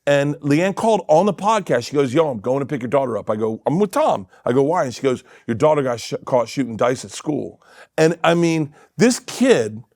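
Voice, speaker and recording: A middle-aged man telling stories in a casual podcast chat, laughing often and dropping to quiet mutters. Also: mid-range voice, lively intonation, a little fast, dry recording, studio quality. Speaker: comedian guest. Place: podcast studio.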